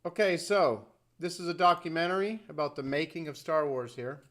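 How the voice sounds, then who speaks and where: A man's voice: on the high side, normal speed, fairly bright tone. A man hosting his own video, talking casually in a rambling, conversational way full of asides. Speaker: video host. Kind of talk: casual commentary to camera.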